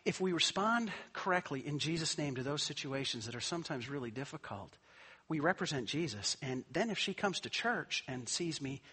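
Middle-aged male pastor, husky and bright, shifting from casual storytelling to emphatic sermon. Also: on the high side. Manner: conversational storytelling, rising to emphatic preaching.

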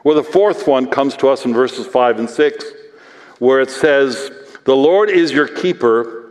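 Male pastor, mid pitch, earnest conversational sermon delivery, long hall reverb. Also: measured pace. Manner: earnest, reads scripture aloud then explains it conversationally.

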